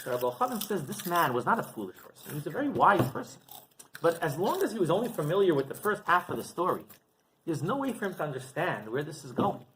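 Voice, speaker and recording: A man's voice: a little high, fast talker, a little hiss or hum, low-quality recording. A male rabbi giving a Torah class, telling stories animatedly and often checking in with "right?". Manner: animated storytelling with frequent "right?".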